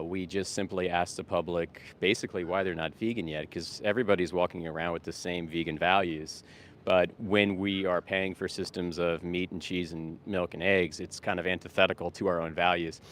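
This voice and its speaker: Low-voiced rambling man vlogging outdoors. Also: steady tone, normal speed, fairly bright tone. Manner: rambling and upbeat, with many fillers and restarts. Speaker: vegan street activist and vlogger. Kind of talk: casual walking vlog and street outreach. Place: outdoors on a busy town street.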